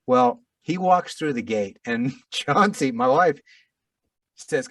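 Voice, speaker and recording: A middle-aged man, an audiobook narrator, telling a story in a casual interview, animated and self-deprecating with frequent restarts. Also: a little high, slow, vocal fry, no echo, far from the mic.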